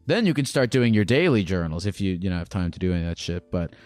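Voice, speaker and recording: Male call-in host, low voice, dry close sound, rambling, self-aware chat with a caller. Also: sing-song, fast, darkish tone, dry recording, soft background music. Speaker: advice show host. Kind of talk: casual advice chat with a caller.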